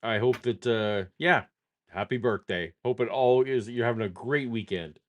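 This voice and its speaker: A man's voice: medium pitch, normal speed. A man co-hosting a casual live stream, chatting loosely with his partner. He thanks viewers and teases what comes next in a friendly, easygoing way. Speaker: co-host. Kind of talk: casual chat.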